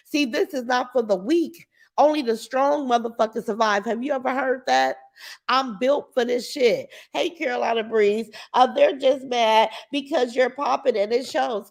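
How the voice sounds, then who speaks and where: A woman hosting a casual livestream from her couch at home, talking to her chat through her computer in a brash, outspoken, boastful way. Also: high voice. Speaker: livestream host reading chat. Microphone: computer mic.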